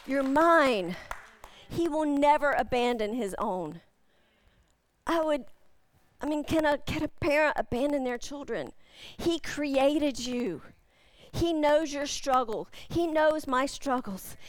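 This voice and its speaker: A woman pastor delivers a sermon in a high voice, hammering home her main lines by repeating them. The sound is dry and close, with no room echo. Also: animated, takes it slowly. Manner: emphatic, repeating key phrases.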